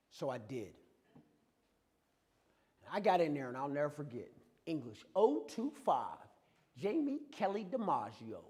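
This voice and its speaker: A man giving a lively, conversational motivational talk about his own life, acting out bits of dialogue as he goes. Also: a little high, a little slow, pauses often, husky, in a large hall. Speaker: guest speaker. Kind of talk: motivational personal storytelling talk. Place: campus event hall.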